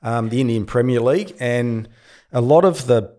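An Australian man in his early fifties, speaking in a relaxed, chatty way as an interview guest. He tells stories and laughs at his own blunders, with a voice pitched in the middle range for a man. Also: moderate pace. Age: 50s. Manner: relaxed storyteller, laughs at himself. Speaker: guest, cricket commentator and radio host. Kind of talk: casual interview chat.

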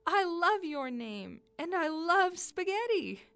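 A curious, brave little girl who talks brightly and eagerly, voiced by a woman reading aloud. Her voice sits high and bounces around. A storybook child. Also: big pitch swings, unhurried. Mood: cheerful. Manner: bright and eager, yells when scared. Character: brave, curious young girl on a ski trip.

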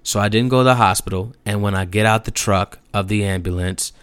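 A man's voice: lowish voice, a little fast, clear, resonant tone, dry recording. A young man telling a personal story in a casual, slangy and profane way, acting out the people in it. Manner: animated, slangy and profane, acts out quotes.

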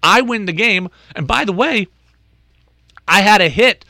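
A man hosting a sports talk show, telling a story in an animated, exasperated way. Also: high voice, measured pace, no echo.

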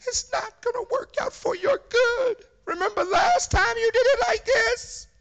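A man voicing the Holy Spirit, giving an urgent, shouted warning in a high voice. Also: a little slow, lo-fi sound, exaggerated voice.

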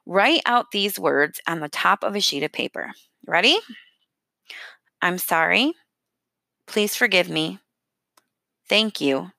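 Bright-voiced woman sharing personal advice. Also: medium pitch, dry recording. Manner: candid, self-deprecating, with restarts. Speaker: self-help speaker.

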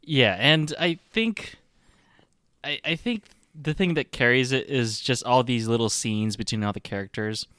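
A man's voice: mid-range voice, measured pace, sharp tone, clear, resonant tone, dry recording, studio quality. A young man co-hosting a casual movie review chat, agreeable, chiming in often and laughing along. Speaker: podcast co-host.

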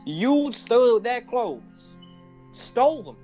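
A man's voice: very high voice, very animated, takes it slowly, warm tone, faint music behind, voice pushed up, heavily acted. Man doing a pompous elven prosecutor. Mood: indignant. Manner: indignant courtroom oratory.

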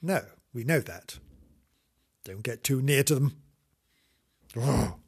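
A man's voice: medium pitch, lively intonation, takes it slowly, vocal fry, darkish tone, breathy edge. A man reading a children's story aloud in a playful, sing-song way, breaking off into cheeky asides and mock apologies to the children.

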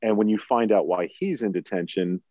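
Podcast co-host, forties, low warm voice, dry lo-fi sound; thoughtful and long-winded. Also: male voice, brisk, dry recording. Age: 40s. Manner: thoughtful, builds long points with restarts. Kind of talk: casual film discussion. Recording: dull lo-fi sound.

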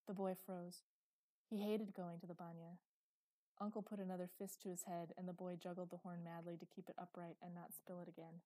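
A woman reading scripted fantasy narration in a steady, measured way. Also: on the low side, no room sound, low-quality recording. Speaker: audiobook narrator.

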